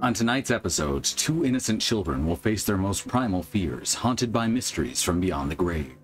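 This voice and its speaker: A man's voice: sits low, sing-song, moderate pace, faint music behind. A man doing an ominous horror-show narrator. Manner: dramatic, portentous delivery.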